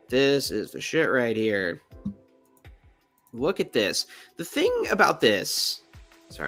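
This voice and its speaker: A young adult man hosting his channel, rambling and joking in casual commentary on pictures. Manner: rambling, joking, animated pitch swings. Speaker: channel host.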